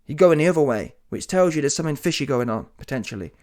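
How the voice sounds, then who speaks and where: A man's voice: a little high, fast talker. Slangy British man ranting. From Britain. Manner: animated, slangy, combative and mocking. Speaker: boxing commentator. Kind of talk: solo opinion rant.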